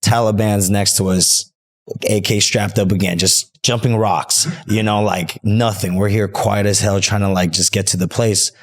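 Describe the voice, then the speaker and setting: A man telling a story as a podcast guest in casual chat, rambling and animated, filling his talk with "like" and "you know" and swearing freely. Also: on the low side, moderate pace.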